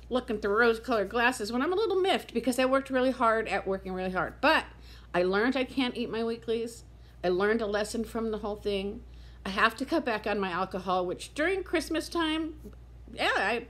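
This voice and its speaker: Speaking to her camera in a casual vlog, a woman in her fifties chats candidly in a slightly high voice. She sounds weary and near tears, yet she carries on talking openly and frankly, her emotions showing.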